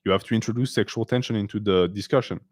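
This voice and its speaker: Quick and on the low side, with a darkish tone, this man runs a casual live-stream Q&A, answering viewers bluntly and sarcastically in both English and French. The recording is clean studio sound without any room reverb.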